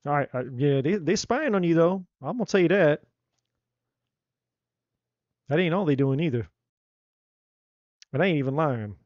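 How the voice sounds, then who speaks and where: A man giving a live tarot reading in a blunt, animated, slangy way. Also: on the high side, moderate pace, long pauses, dry recording, highs cut off. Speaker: tarot reader.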